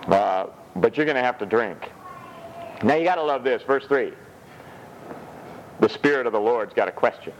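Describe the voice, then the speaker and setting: Animated laughing preacher man, slow delivery. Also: dull audio, slight background noise. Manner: animated, laughing often, high-pitched mock voices for scripture quotes. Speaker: pastor. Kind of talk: sermon.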